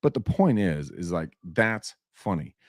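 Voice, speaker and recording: A man hosting a casual talk show, animated and laughing, swearing freely as he tells stories. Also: sits low, unhurried, no room sound, studio quality. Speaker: show host. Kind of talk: casual podcast banter.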